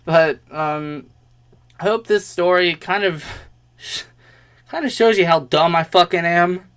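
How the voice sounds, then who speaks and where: A man's voice: sits high, slow, fairly bright tone, smooth. A young man vlogging a rambling personal story in a casual way, swearing often and laughing between lines.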